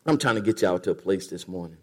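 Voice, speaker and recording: A man's voice: low voice, expressive, quick pace, a little mellow, breathy edge, big-room sound. A man preaching a sermon in a church, rhythmic and repetitive, calling on the congregation to respond. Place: church sanctuary.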